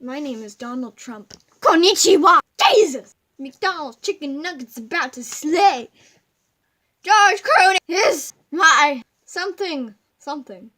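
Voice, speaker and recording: Girl doing a screechy over-the-top gamer dude impression, super bright. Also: high-pitched, animated, normal speed, exaggerated voice. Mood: hammy. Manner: loud, shrieky, jumbled rambling. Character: over-the-top male gaming video host impression.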